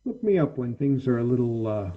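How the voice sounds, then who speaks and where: A man's voice: medium pitch, big pitch swings, a little fast, phone-quality sound. A man playing a wry, teasing woman ship captain.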